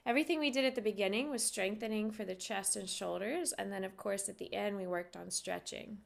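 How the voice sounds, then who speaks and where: A woman's voice: medium pitch, brisk, vocal fry. A young adult woman, a yoga instructor, chatting casually with viewers on a live stream and answering their questions.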